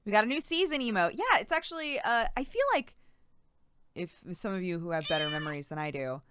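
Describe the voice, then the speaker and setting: A woman's voice: mid-range voice, animated, brisk, fairly bright tone, a little hiss or hum. A woman streamer chatting casually, giggling and thanking subscribers by name. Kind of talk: casual live-stream chat.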